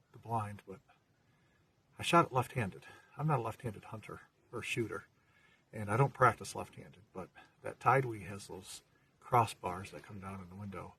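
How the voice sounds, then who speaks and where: A man casually chatting about his hunt in a relaxed vlog manner, outdoors in the woods, filmed by someone else. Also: on the low side, slight background noise. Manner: chatty, easygoing, fillers. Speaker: hunting vlogger. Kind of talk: casual hunting vlog talk. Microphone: camera held by another person, from a distance. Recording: voice from some distance.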